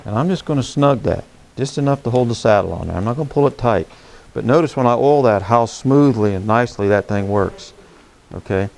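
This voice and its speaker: Animated and brisk, a man with a gravelly, slightly mellow mid-range voice demonstrates saddle care next to his horse. The horsemanship instructor keeps his hands-on lesson folksy and plain-spoken, pausing to check in with "okay?"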